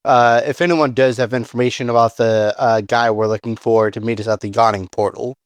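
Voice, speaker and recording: A man's voice: mid-range voice, steady tone, fairly quick, clear, resonant tone, dry recording. A man playing a tabletop game, talking casually with many fillers. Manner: loose, filler-heavy speech. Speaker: player.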